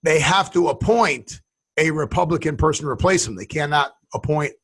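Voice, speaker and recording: A man co-hosting a casual talk show, telling stories in a rambling, animated way. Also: a little high, normal speed, breathy edge. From western United States. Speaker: podcast co-host. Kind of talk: casual chat.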